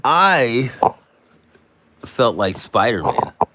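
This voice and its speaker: A man's voice: mid-range voice, sing-song, slow pace, heavy background noise. A man hosting a live stream, telling a rambling story in slangy casual talk, sounding tired. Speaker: livestream host.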